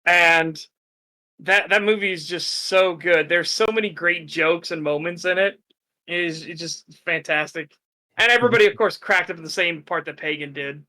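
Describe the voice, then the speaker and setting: A man hosting a casual podcast chat, retelling things in an excited, profane way. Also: fairly high pitch, normal speed. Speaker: streamer host.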